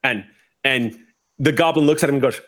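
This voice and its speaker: A man running a tabletop game as game master, narrating scenes with animated, laughing energy. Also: medium pitch, brisk. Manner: animated, laughing, swears freely.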